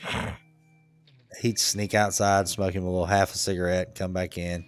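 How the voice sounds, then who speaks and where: A man's voice: low-pitched, level tone, normal speed, clear, resonant tone, faint music behind. A man co-hosting a podcast, telling a work-trip story in a laid-back, joking way, laughing often. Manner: laid-back, laughs a lot, acts out quotes. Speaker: podcast co-host. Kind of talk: casual storytelling chat.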